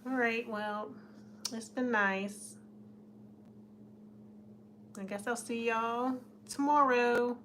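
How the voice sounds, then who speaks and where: A woman's voice: on the high side, steady tone, extremely slow, long pauses, a bit bright, slight background noise. A woman hosting a casual live stream, chatting with her viewers and reading their comments, often laughing. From United States. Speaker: livestream host.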